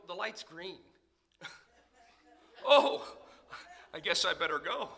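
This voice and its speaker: A man preaching a sermon in church as pastor, swinging between loud emphasis and hushed near-whispers. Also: high voice, vocal fry. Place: church sanctuary.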